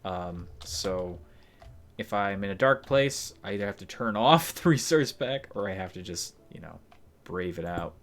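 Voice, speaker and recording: A man's voice: low-pitched, expressive, a little slow, slight background noise. A man streaming himself building in a game, chatting casually and rambling to himself with frequent chuckles.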